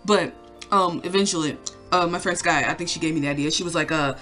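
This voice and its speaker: A woman's voice: low-pitched, fast talker, a bit bright, faint music behind. A young woman telling a story to camera in a casual, rambling way, full of fillers and swearing. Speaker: vlogger.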